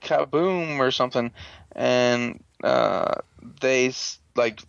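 A man hosting a casual, profane recap, sarcastic and rambling with many fillers and throat clearing. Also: medium pitch, steady tone, unhurried, fairly bright tone, dry recording. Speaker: podcast host recapping a show. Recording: dull lo-fi dry sound.

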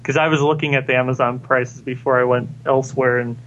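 A young man chatting casually, relaxed and easygoing, starting sentences over as he thinks. His pitch sits in the middle of the male range. A faint rumble hums in the background. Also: quick pace, lo-fi sound. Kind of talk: casual chat.

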